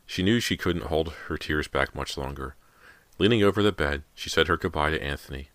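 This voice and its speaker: A man's voice: extremely low pitch, brisk, dry recording. A man narrating a horror novel as an audiobook reader. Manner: steady storytelling read. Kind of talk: scripted narration.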